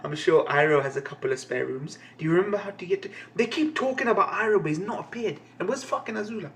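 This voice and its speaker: Man, swearing, laughing comic-reading streamer, fairly high voice. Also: animated, fast talker. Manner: profane, laughing, rambling. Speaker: reaction streamer. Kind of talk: live comic-reading reaction.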